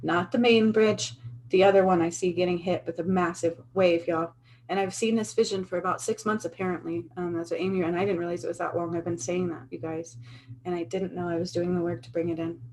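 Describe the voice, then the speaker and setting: A woman's voice: lowish voice, level tone, brisk, a little mellow, a little hiss or hum, low-quality recording. A woman in her thirties, talking straight to her phone camera in an earnest, emphatic way and repeating herself. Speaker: spiritual vlogger. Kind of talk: casual talk to camera.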